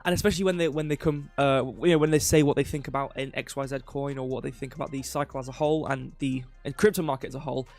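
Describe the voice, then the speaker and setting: A man's voice: medium pitch, fairly even intonation, fast talker, vocal fry, hardly any pauses, soft background music. A young man hosting a casual crypto livestream, rambling with lots of fillers and offhand jokes. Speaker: crypto news host.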